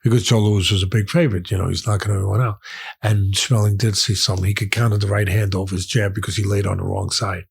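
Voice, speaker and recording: Husky-voiced man telling a story emphatically. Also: on the low side, steady tone, fast. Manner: emphatic, repeats phrases for weight. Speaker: guest, boxing trainer and commentator. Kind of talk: storytelling in conversation.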